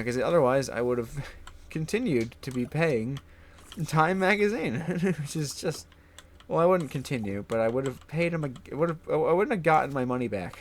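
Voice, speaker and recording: A young man tells stories in a loose, casual vlog chat. His pitch rises and falls a lot, he laughs often, and he swears freely. When he quotes people, he jumps into high, mocking voices. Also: a little hiss or hum. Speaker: gaming vlogger.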